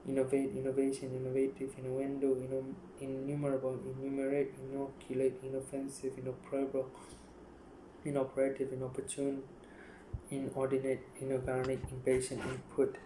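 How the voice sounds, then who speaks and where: A YouTuber reads dictionary words aloud one after another in a flat, list-like way, stumbling and restarting often. His medium-pitched voice moves briskly, with reverb and background noise in the recording.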